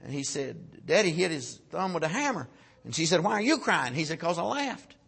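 A man preaching a folksy sermon, swinging from loud shouted peaks down to low, quiet asides. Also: very animated, brisk, vocal fry, breathy edge.

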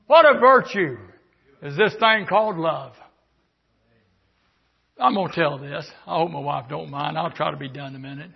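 An older man from the American South preaching a sermon, moving from quiet storytelling to fervent shouting. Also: fairly high pitch, moderate pace, gravelly, long pauses, breathy edge, highs cut off.

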